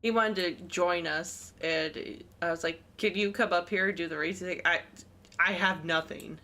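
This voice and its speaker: A woman's voice: lowish voice, fairly even intonation, normal speed, pushed and bright. Woman, casual gaming chat, giggly storyteller, typing in the background. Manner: chatty, giggly, tells stories. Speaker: gaming streamer co-host. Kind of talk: casual chat while playing a game.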